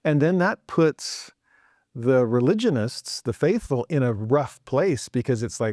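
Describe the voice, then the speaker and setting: Warm-voiced man teaching scripture with humor. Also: medium pitch, measured pace, no echo, studio quality. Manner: humorous, animated, slips into joking voices. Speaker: scripture teacher and podcast host. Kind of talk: casual scripture commentary.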